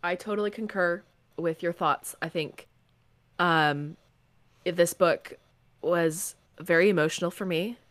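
A woman's voice: on the low side, steady tone, measured pace, a bit bright, dry recording. A young woman co-hosting a casual book podcast, acting out her reactions dramatically. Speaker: podcast co-host.

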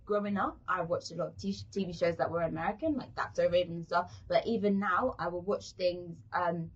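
A British woman chatting as an interview guest, her voice husky and a little breathy. She tells stories in an animated way, stopping and restarting as she goes. The audio is muffled and lo-fi. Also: fairly low pitch, fairly quick. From England. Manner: animated storyteller, many restarts. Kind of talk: casual interview chat.

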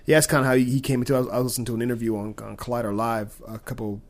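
A man's voice: medium pitch, little pitch movement, very fast. A man co-hosting a filmmaking podcast, talking about movies in an upbeat, enthusiastic way. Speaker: podcast co-host. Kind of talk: casual film chat.

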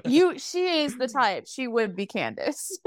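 A woman's voice: a little high, big pitch swings, measured pace, no room sound, clean studio sound. A woman co-hosting a casual podcast chat over a call, bubbly and laughing often. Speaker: podcast co-host. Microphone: remote call mic.

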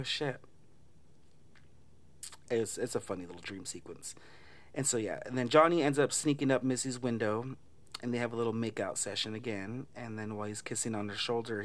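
A man casually retelling a movie plot, chatty and laughing often, swearing and mimicking lines from the film. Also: on the low side. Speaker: movie recap vlogger.

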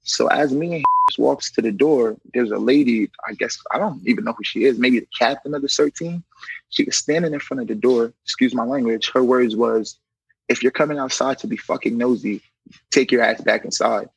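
A man's voice: medium pitch, moderate pace, creaky, breathy edge, no room sound, poor audio. A young man, a correctional officer, telling a personal story casually and acting out what others said. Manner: animated, acts out quoted dialogue; conversational, frequent "you know".

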